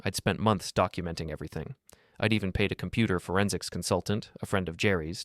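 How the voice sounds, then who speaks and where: A man narrating a first-person story in a firm, measured way. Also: sits low, no echo, studio quality.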